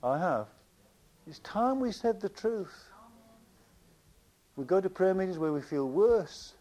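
A man preaching a sermon with passion, repeating phrases and swinging between loud declarations and quiet asides. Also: high voice, expressive, slow pace.

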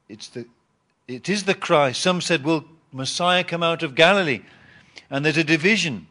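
A man preaching a Bible teaching sermon, reading scripture and explaining it with emphatic rises and pauses. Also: fairly high pitch, bright, forceful tone. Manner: reads scripture aloud and repeats words.

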